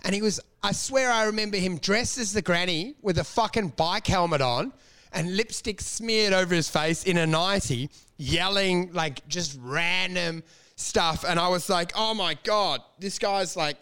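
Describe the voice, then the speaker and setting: A man's voice: high-pitched, normal speed, sharp tone, smooth. A man co-hosting a comedy podcast, teasing his co-host, laughing often and swearing freely. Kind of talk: casual comedy podcast banter.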